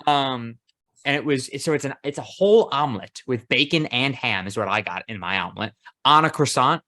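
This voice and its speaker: Male podcast host, relaxed casual chat, easygoing, casual swearing. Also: mid-range voice, brisk.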